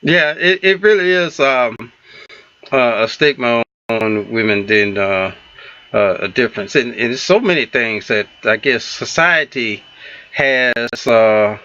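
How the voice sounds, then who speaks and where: A man co-hosting an unscripted talk show, speaking haltingly with many fillers and restarts. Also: medium pitch, pushed and bright, no room sound, muffled recording.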